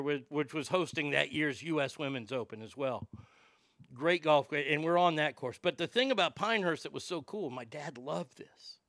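A man casually telling a profane, animated anecdote and often laughing as he talks. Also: a little high, no echo, clean studio sound.

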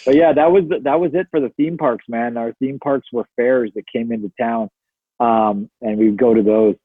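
A man in casual chat, cracking dry deadpan jokes and swearing now and then. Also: mid-range voice, moderate pace, no room sound. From Canada. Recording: husky tinny phone-like line, dry.

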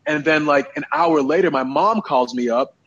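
Husky man telling a story. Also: on the high side, moderate pace. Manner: animated, with lots of fillers and repeats. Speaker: interview guest. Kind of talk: casual storytelling in an interview. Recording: dull, muffled recording.

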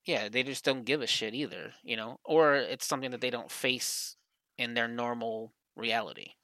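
A man's voice: medium pitch, normal speed, bright, forceful tone, dry recording. A man co-hosting a podcast in casual chat, rambling and swearing as he acts out other people's lines. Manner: rambling, profane, acts out quotes. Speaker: podcast co-host.

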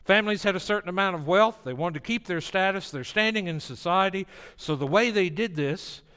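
Preacher with a ringing hall echo. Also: male voice, sits high, fairly quick, clear, resonant tone. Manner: dynamic preaching, swinging from hushed to emphatic. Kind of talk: sermon. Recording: long reverb of a large hall.

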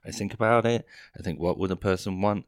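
A man's voice: fairly low pitch, steady tone, fast talker, no echo, studio quality. A young man, hosting a podcast with a profane, self-mocking, rambling comic monologue full of tangents. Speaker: podcast host. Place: London.

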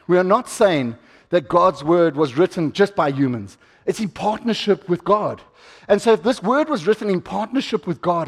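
A man preaching a sermon, talking with the congregation, asking them questions and acting out what people say. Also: high-pitched. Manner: conversational, asks the congregation questions, acts out quotes. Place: church hall. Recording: reverberant church hall.

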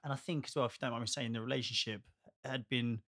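A man's voice: medium pitch, steady tone, fast talker, fairly bright tone, no room sound, studio quality. A man chatting as a friend and co-host, speaking encouragingly and supportively. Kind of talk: casual podcast conversation.

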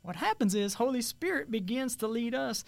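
A man's voice: very high voice, lively intonation, moderate pace, creaky, dry recording. A man hosting a faith podcast, earnestly reading aloud a reflection he wrote. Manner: earnest, reads his own written reflection aloud. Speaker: podcast host. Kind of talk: casual faith conversation and devotional reading.

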